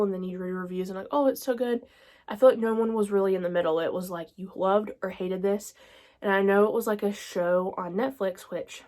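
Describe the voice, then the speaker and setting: A woman's voice: mid-range voice, a little mellow. A young woman, chatting casually and gushing as she reviews books, full of fillers and "y'all". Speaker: book reviewer. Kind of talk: casual book review chat.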